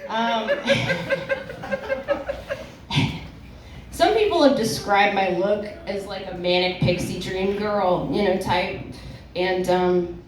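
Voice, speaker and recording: Extremely slow and pausing often, a young woman's mid-range, animated voice carries a rambling, self-mocking comedy routine full of "like" and "um" at a club. It's captured from a distance with a roomy sound, a little hiss or hum, and audience laughter behind her.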